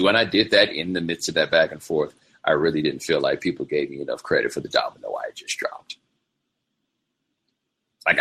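Deep gravelly-toned man telling stories. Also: bright, forceful tone. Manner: rambling storytelling with quoted impressions. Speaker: show host. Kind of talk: casual livestream monologue.

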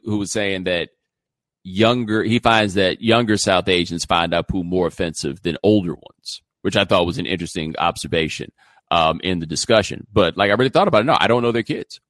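A man's voice: on the low side, no room sound. Emphatic man hosting a talk show. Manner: animated, conversational, emphatic with rhetorical questions. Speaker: host. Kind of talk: opinionated monologue.

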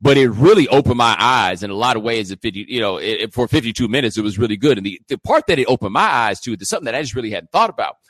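A middle-aged man hosting a show, delivering an animated opinion monologue full of rhetorical questions. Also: mid-range voice, racing, hardly any pauses, no echo. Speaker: host.

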